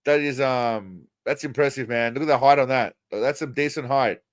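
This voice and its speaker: Brief: male streamer, crude and mocking, rambling commentary, mid pitch, dry sound. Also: normal speed, no room sound. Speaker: livestream host. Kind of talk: casual livestream commentary.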